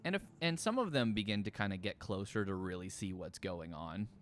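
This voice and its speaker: A man's voice: lowish voice, animated, fairly quick, soft background music. A man narrating as game master of a tabletop game, casual, with fillers.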